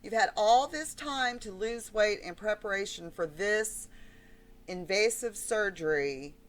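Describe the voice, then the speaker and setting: A woman's voice: medium pitch, a little slow. A middle-aged woman ranting in a blunt, emotional, rambling vlog monologue. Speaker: vlogger.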